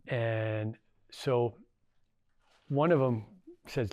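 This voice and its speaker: A man's voice: mid-range voice, moderate pace, darkish tone, no room sound. A middle-aged man, a former tribal council member, giving a casual storytelling talk to an audience, folksy and anecdotal with lots of fillers.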